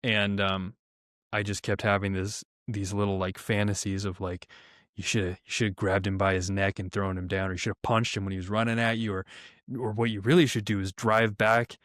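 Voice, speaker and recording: Profane, animated young man telling a story. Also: fairly low pitch, fairly quick, dry recording, studio quality. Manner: profane, animated storyteller acting out quotes in raised voices. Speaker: podcast co-host. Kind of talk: casual storytelling chat.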